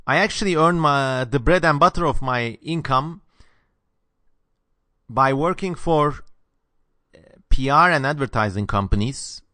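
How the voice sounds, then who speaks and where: Man, Southeastern European accent, sharp sibilant consonants, opinionated, dry close sound. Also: mid-range voice, unhurried, long pauses, no room sound. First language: not English. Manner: opinionated, lively. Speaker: channel host answering viewer questions. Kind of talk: casual Q&A monologue.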